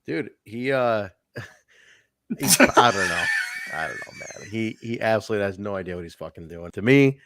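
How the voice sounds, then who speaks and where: A man's voice: lowish voice, expressive, normal speed, a bit bright. A man co-hosting a wrestling review podcast, chatting casually, swearing and laughing as he acts out what wrestlers said. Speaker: podcast co-host.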